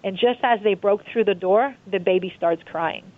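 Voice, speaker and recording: A woman's voice: medium pitch, normal speed. Chatty woman on a tinny phone line. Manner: animated storyteller, repeats herself, many fillers. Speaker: guest author. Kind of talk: phone-in interview.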